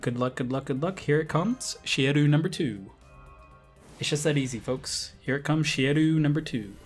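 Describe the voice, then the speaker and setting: A man commenting on his gacha rolls, getting excitable, swearing and pleading with the game. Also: on the high side, moderate pace, soft background music. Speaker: game streamer.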